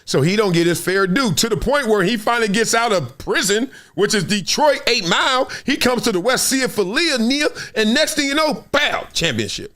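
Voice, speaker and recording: Lively high-voiced man talking sports. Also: moderate pace, few pauses. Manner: lively storytelling, acts out quotes and sound effects. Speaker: show host, former NFL player. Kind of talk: animated sports talk monologue.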